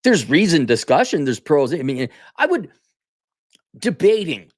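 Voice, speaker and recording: A blunt, opinionated man delivers a casual monologue. His pitch swings widely as he talks. The sound is dry and close, with no room around him. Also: a little slow, no echo. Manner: blunt, opinionated, animated, frequent restarts. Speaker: podcast host.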